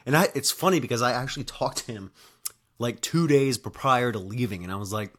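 A man's voice: mid-range voice, a little fast, a bit bright. A man with a mid-range voice spins a loose, casual travel story. He swears freely, circles back on himself and keeps checking in with the listener. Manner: rambling and profane, heavy on fillers and "right?". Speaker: podcast host telling a travel story.

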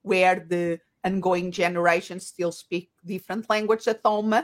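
A woman, an English speaker, talking as an interview guest and often pausing to search for words. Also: on the low side, fairly even intonation. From Portugal. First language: Portuguese. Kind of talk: conversational interview.

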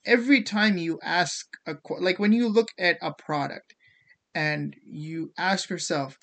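A man's voice: fairly high pitch, measured pace, a bit bright. A man talking casually in a podcast monologue, rambling with many fillers and restarts.

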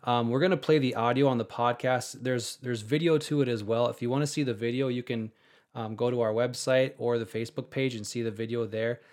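Podcast host introducing a clip. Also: male voice, medium pitch, fairly even intonation, brisk, darkish tone. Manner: hesitant, with fillers and restarts. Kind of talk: casual podcast talk.

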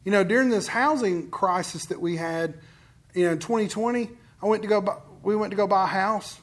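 A man's voice: high voice, brisk. A man preaching a sermon in a conversational storytelling way, acting out what other people say. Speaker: pastor.

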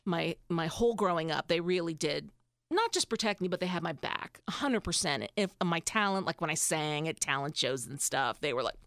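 Gravelly-voiced woman in her fifties. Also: sits low, expressive, moderate pace, fairly bright tone, dry recording, studio quality. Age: 50s. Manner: emotional, rambling, frequent fillers and restarts. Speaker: podcast guest. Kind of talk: casual candid storytelling.

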